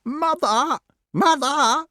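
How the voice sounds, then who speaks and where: A shrieking, tattling crow. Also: male voice, very high-pitched, big pitch swings, a little slow, fairly bright tone, dry recording, clean studio sound, voice pushed up, exaggerated voice. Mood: shrill. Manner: shrieking, whining. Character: shrill, tattling pet crow. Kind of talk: audiobook character voice.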